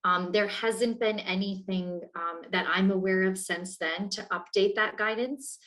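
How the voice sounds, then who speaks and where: A woman in her forties from Maine, an executive director, giving measured interview answers with some fillers from a hotel room. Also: mid-range voice, a bit bright, rough recording. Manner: clear, measured explaining with fillers.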